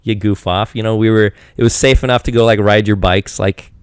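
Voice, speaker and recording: A man in his thirties from Eastern Washington tells stories in a rambling, animated way, restarting his sentences often. His voice sits fairly low and sounds smooth and clear. The recording is dry and close. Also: a little fast, no echo. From Eastern Washington, USA. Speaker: podcast guest. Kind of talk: casual chat.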